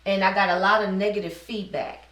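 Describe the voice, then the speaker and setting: Middle-aged woman, heartfelt storyteller, mid-pitched, recorded in a reverberant room from a distance. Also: steady tone, fairly quick, a bit bright. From New Orleans, USA. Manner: earnest, heartfelt, faith-filled telling. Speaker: business owner interviewee. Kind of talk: personal storytelling interview. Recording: roomy sound, mic at a distance.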